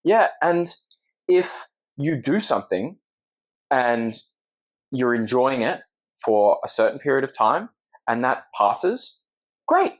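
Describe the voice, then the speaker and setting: A man's voice: medium pitch, very animated, slow, long pauses. A young man with an Australian accent, a podcast guest talking earnestly and thoughtfully in a casual chat. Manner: earnest, reflective, agreeable.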